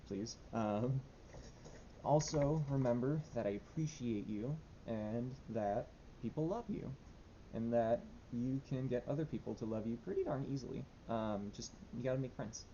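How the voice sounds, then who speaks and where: Speaking at a normal speed in a mellow voice, a young man records a casual diary vlog, rambling anxiously with plenty of fillers and false starts. Faint rumble sits under the dull lo-fi audio.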